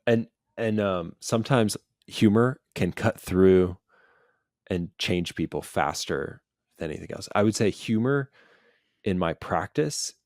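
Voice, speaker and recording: A man's voice: low voice, measured pace, darkish tone, no room sound, studio quality. A man talking as a psychiatrist guest in a casual podcast chat, loose and full of "like" fillers. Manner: loose, filler-heavy, lots of "like". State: busy parent.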